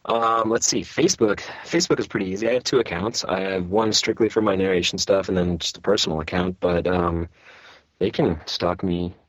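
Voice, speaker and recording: A man, an audiobook narrator, chatting as a guest, talkative and quick to laugh. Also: deep voice, steady tone, no room sound, dull audio. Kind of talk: casual interview chat.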